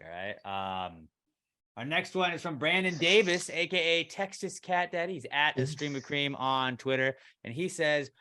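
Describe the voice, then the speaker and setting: A man co-hosting a podcast, reading out listener questions in a relaxed, casual way and trailing off often. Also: medium pitch, smooth. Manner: laid-back, trails off, says "dude". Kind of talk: casual chat.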